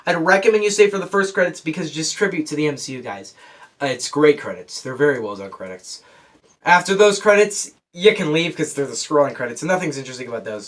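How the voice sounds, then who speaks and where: A teenage boy giving a casual, rambling movie review, excitable and full of restarts. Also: a little high. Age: teens.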